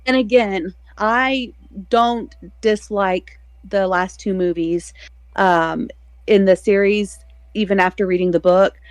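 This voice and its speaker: A woman's voice: mid-range voice, fairly even intonation, slow, clear, resonant tone, no echo. A woman co-hosting a book podcast, talking in a casual, rambling way and laughing often. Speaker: podcast co-host. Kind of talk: casual chat.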